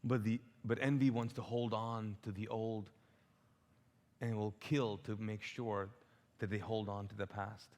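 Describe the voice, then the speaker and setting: A man preaching a sermon as a pastor, animated and humorous, asking the congregation to call out answers. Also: on the low side, unhurried. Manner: tells humorous stories with acted-out quotes. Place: church auditorium. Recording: long hall reverb.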